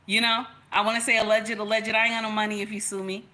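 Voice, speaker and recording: A woman's voice: medium pitch, little pitch movement, quick pace, bright, forceful tone. A woman from Nigeria hosting a casual commentary livestream, chatty and preachy, talking straight to her viewers. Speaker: commentary channel host.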